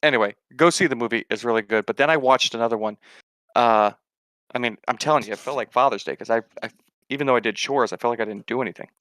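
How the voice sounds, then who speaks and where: A man co-hosting a casual podcast, meandering and halting, often breaking into laughter. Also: mid-range voice, a bit bright, no room sound. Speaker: podcast co-host.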